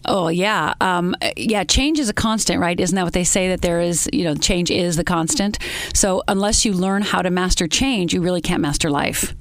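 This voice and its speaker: A woman interview guest telling her personal story in an earnest, halting way, with many pauses. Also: fairly low pitch, dry recording.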